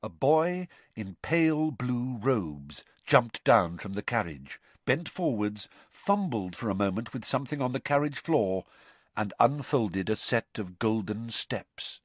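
A man narrating a storybook audiobook in an expressive, suspense-building way. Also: mid-range voice, unhurried, dry recording. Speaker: audiobook reader.

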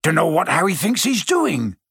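A man doing a gruff big groundskeeper. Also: a little high, huge pitch swings, normal speed, fairly bright tone, no echo, studio quality, exaggerated voice. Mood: worried. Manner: rough, dialect-ish speech. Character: big gruff older male groundskeeper, rough-spoken.

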